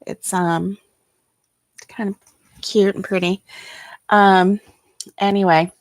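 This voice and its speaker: An older woman hosting a casual livestream from her chair at home, talking softly and haltingly with many ums, tired and yawning. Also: mid-range voice, little pitch movement, no room sound, clean studio sound. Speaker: host.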